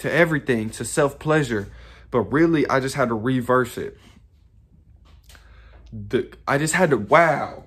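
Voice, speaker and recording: A man's voice: mid-range voice, unhurried, pauses often, a bit bright, husky. Rambling, profane young man vlogging. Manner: rambling, profane, self-reflective with frequent laughs. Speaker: YouTuber. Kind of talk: casual motivational monologue.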